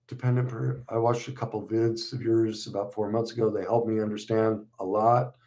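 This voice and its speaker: A middle-aged man hosting a casual livestream, reading viewers' comments aloud and answering them in a relaxed, conversational way with frequent fillers. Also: fairly low pitch, normal speed. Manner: reads viewer messages aloud and responds warmly, conversational with fillers.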